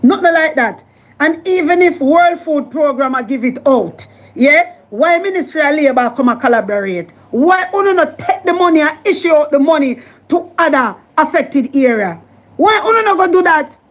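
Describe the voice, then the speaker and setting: High-pitched Jamaican woman ranting. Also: lively intonation, moderate pace, lo-fi sound. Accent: Jamaican Patois. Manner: impassioned, scolding, repetitive. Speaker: political commentary vlogger. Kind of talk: fiery political rant.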